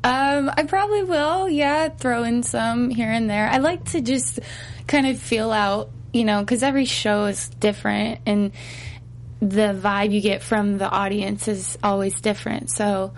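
A woman singer being interviewed in casual chat, hesitant, pausing with fillers and laughing easily. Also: a little high, slight background noise. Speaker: singer guest.

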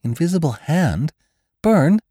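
A man voicing an earnest, devout young ranch woman who pleads in a raised, higher voice. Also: expressive, measured pace, darkish tone, no room sound, clean studio sound, natural voice. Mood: alarmed.

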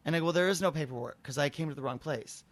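Rapid-fire and fairly high-voiced, a podcast host in casual conversation tells a lengthy tale packed with swearing. He's an animated storyteller who acts out every exchange of dialogue.

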